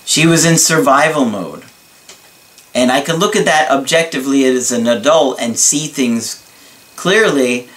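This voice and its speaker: A man from New York telling a personal story to his viewers in an earnest, reflective and halting way. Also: mid-range voice, a bit bright. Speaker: relationship video creator. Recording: voice somewhat far from mic.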